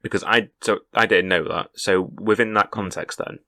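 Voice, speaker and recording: A man's voice: lowish voice, fairly even intonation, moderate pace, bright, forceful tone. A man, co-hosting a casual podcast chat in a chatty, teasing way. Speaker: podcast co-host.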